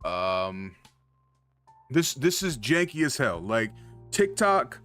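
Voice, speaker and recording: Faint music plays behind this streamer as he talks straight to his chat, hyped, loose and swearing freely. His medium-pitched voice is sing-song and fairly bright, and he takes things slowly.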